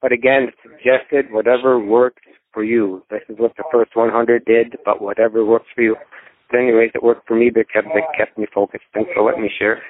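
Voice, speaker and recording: A man's voice: mid-range voice, little pitch movement, brisk. A man sharing at a phone recovery meeting, explaining in a casual way with everyday examples. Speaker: meeting participant. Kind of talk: personal recovery share. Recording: tinny phone line.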